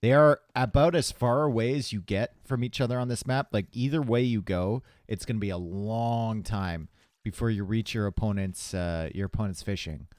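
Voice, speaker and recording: A man casting a live strategy game tournament, chatty and relaxed, chatting with viewers between plays from a home stream setup. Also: fairly low pitch, moderate pace, no room sound. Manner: casual, chatty, talks to chat between plays. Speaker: tournament caster. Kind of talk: live esports commentary.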